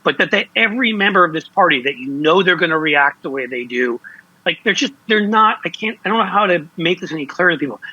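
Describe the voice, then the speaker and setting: Male political commentator, slightly high voice, heated and blunt, dry dull recording. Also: animated, fast, pushed and bright, breathy edge, no room sound. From Ohio. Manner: impassioned, blunt, stumbling restarts.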